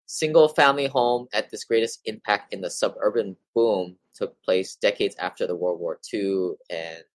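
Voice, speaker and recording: A man's voice: on the low side, normal speed, no echo, rough recording. A man hosting a casual explainer, reading articles aloud and adding chatty asides to listeners. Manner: conversational, addresses listeners as you guys, with asides. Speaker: real estate investing newsletter host.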